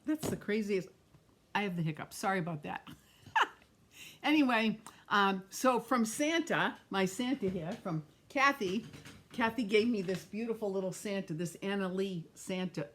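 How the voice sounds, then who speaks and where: A woman's voice: mid-range voice, animated, moderate pace, fairly bright tone, a little hiss or hum. A middle-aged woman, chatting with viewers by name while demonstrating a card-making craft on a live stream. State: has the hiccups.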